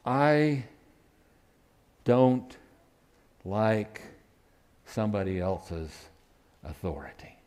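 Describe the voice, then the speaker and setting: A man's voice: fairly low pitch, sing-song, very slow, long pauses, a little mellow. A man preaching a sermon who acts out quoted lines with sudden rises and dips in his voice.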